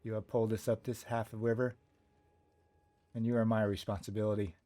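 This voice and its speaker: A man's voice: lowish voice, little pitch movement, brisk, warm tone, dry recording, close to an everyday voice. A man voicing a stern, protective river-boat captain in a tabletop game, speaking in clipped, broken grammar. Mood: firm.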